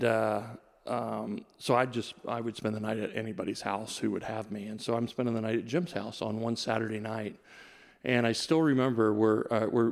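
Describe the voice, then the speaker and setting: A middle-aged man preaching a sermon to a congregation, telling stories about himself in a relaxed, self-deprecating way. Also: medium pitch, vocal fry. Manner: storytelling, self-deprecating and conversational. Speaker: pastor. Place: large church hall. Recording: reverberant church hall.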